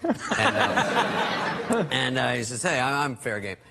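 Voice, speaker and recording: A man's voice: medium pitch, big pitch swings, slow, sharp tone, husky. A middle-aged man, a comedian guest telling anecdotes on a talk show and imitating his friends as he goes. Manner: storytelling, doing voices of friends. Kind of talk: anecdotal chat on talk shows.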